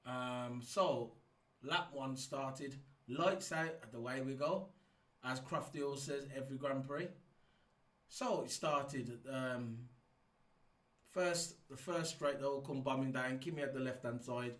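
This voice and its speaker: A man giving a casual, rambling race review, excitable and full of ums and restarts. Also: mid-range voice, a little slow, far from the mic. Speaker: F1 YouTube reviewer. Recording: echoey room, set back from the mic.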